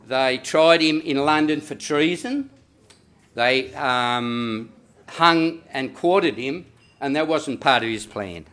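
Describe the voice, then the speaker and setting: Bright-voiced Australian father giving a wedding toast. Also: fairly high pitch. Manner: rambling, jokey, with many fillers and restarts. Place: wedding reception venue.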